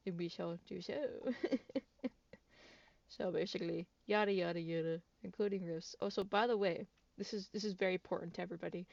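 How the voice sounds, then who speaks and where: A woman's voice: on the low side, fairly quick, gravelly, a little mellow, dry recording. A woman hosting a gaming channel, congested from a cold, rambling through game news in a chatty way with frequent giggles and restarts. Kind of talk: casual gaming news commentary. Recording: dull, dry lo-fi mic.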